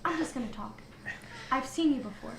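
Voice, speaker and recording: A woman's voice: high-pitched, lively intonation, fairly quick, a bit bright, reverberant, a little hiss or hum, poor audio. A woman playing a tabletop role-playing game in a coy, mysterious way. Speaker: player.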